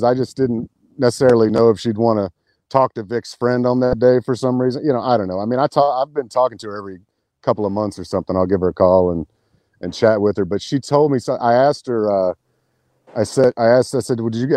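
A man's voice: medium pitch, fairly quick, no room sound. A man talking casually as a podcast guest, telling a rambling story full of restarts and swearing. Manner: rambling, restarts, profane, animated retelling.

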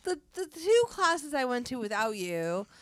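High-voiced wry woman. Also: big pitch swings, a little slow, no room sound. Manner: wry quips, bursts into a loud imitation of a French teacher. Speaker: podcast co-host. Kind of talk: casual chat.

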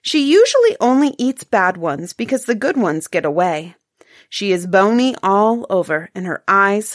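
A woman's voice: mid-range voice, no echo, studio quality, natural voice. A woman voicing a kindly old grandfather who tells folk tales to his grandchildren.

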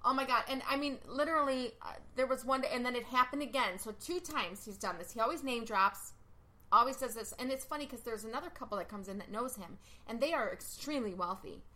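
A woman's voice: fairly high pitch, fast, sharp tone. A woman hosting a podcast, chatting casually in a blunt, emphatic way and swearing freely. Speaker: podcast host; life coach.

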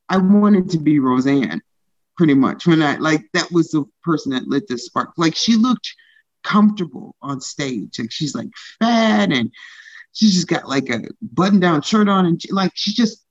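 A woman's voice: on the low side, no room sound. Chatty woman comedian, dull lo-fi sound. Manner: chatty, frequent "like" fillers, laughs often. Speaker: stand-up comedian, guest. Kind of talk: casual interview chat.

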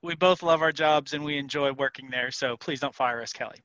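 A man's voice: medium pitch, a little fast, dull audio, a crowd in the background. A man hosting a podcast in upbeat, joking casual chat, laughing easily. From Louisiana. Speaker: podcast host.

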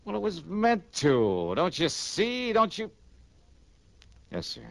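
A man's voice: sits high, huge pitch swings, takes it slowly, creaky, dry recording, heavily acted. An actor playing a laconic, wisecracking male investigator who narrates a 1950s radio drama. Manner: laconic, wry, casual. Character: wisecracking male insurance investigator, cool and ironic. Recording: noisy vintage radio broadcast.

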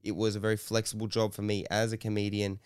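A man with a fairly low, clear voice races through a story about his past job. He rambles and swears casually, slipping into the voices of the people in his anecdote. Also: monotone. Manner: fast, rambling anecdote with swearing and acted quotes. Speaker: comedian guest.

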